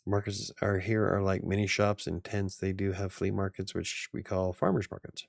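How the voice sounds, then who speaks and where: A man's voice: sits low, level tone, normal speed, gravelly, dry recording, studio quality. A man hosting a casual livestream chat, rambling, joking at his own expense and laughing often. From United States. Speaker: livestream host.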